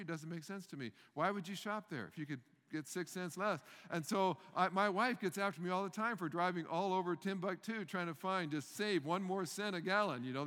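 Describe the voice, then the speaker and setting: Older male storyteller, animated and stammering, bright tone, in a big reverberant hall. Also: high voice. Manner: animated, acts out the panicked scenes loudly, stammers and repeats words. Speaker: speaker telling a personal story. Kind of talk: humorous storytelling talk.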